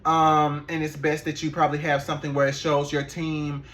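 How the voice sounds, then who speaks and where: A man, an animator, telling a story in a casual, animated vlog, laughing and swearing as he goes. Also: fairly high pitch, normal speed, a little hiss or hum.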